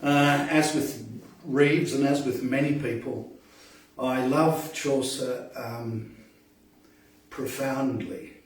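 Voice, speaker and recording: A man reading and reciting verse at an open mic, halting in speech and bold in recitation. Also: medium pitch, steady tone. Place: poetry event venue. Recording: very echoey room, distant mic.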